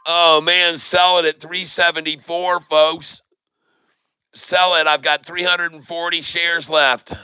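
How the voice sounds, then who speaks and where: A man hosting a live day-trading stream, excitedly calling out share prices and exclaiming to his viewers. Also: fairly high pitch, slow, smooth, dry recording. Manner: exclamatory, rattles off prices, addresses viewers as folks. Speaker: day-trading livestream host.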